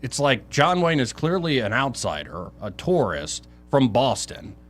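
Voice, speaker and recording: A man's voice: medium pitch, a little slow. A man, hosting a casual talk radio show and telling stories with acted-out quotes. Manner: animated storyteller, acts out quotes. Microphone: studio mic.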